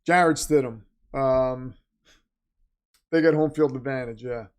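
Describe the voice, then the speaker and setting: A man's voice: medium pitch, measured pace, smooth. Chatty sarcastic man streaming. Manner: chatty, sarcastic, jokingly self-styled villain. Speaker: watch party livestream host reading chat. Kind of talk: casual live-stream chat.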